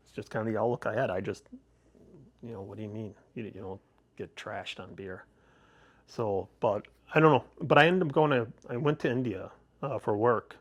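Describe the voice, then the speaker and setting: A man's voice: fairly low pitch, moderate pace, muffled recording. A middle-aged man on a podcast, telling rambling personal stories with many restarts and laughs. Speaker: podcast host, guest. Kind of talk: casual interview storytelling.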